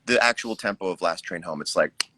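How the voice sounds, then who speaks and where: A man's voice: deep voice, fairly quick, bright, forceful tone, no room sound, poor audio. A middle-aged American musician talking casually about his record on a livestream, reflective and joking. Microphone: video call.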